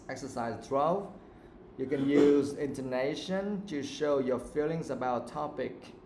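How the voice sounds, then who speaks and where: A man's voice: medium pitch, darkish tone, echoey room, slight background noise. A man with a Vietnamese accent teaching an English speaking lesson live, modelling intonation with exaggerated examples.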